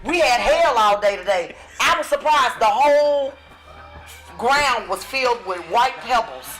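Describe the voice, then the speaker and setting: A woman's voice: a little high, animated, measured pace, a bit bright, faint music behind, poor audio. A woman from Texas with a Texan accent, co-hosting a casual chat podcast and chiming in with short agreeing remarks. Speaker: podcast co-host.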